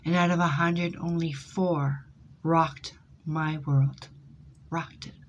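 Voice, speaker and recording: A lower-pitched woman who reads tarot tells stories to her audience in a loose, chatty way. She is animated and joking, and she laughs often. A faint hiss sits under her voice. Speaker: tarot reader. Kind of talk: casual storytelling to an audience.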